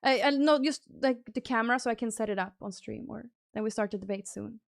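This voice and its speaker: High-voiced woman streamer chatting casually. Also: quick pace, gravelly, no echo, studio quality. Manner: chatty, thinks aloud while fiddling with stream settings; bursts into high excited thanks for gifted subs. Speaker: livestream host. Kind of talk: casual live-stream chat.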